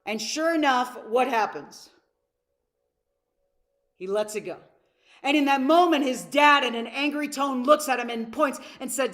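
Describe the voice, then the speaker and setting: A woman's voice: high-pitched, unhurried, pauses often, a bit bright. A woman coach teaching a live masterclass, telling stories, acting out quotes and asking the audience questions. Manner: storytelling, asks audience questions, acts out quotes. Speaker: seminar coach.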